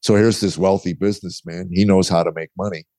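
A man's voice: low-pitched, fairly even intonation, fairly quick, dark tone, no echo. A middle-aged man, a guest author, telling his story candidly in conversation and acting out the dialogue he quotes. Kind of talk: interview storytelling.

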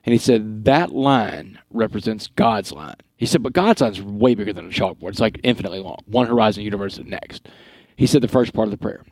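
A middle-aged man from Texas, a guest telling his life story in an earnest, animated way with quoted dialogue. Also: lowish voice, brisk, no echo. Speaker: guest speaker. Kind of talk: storytelling interview.

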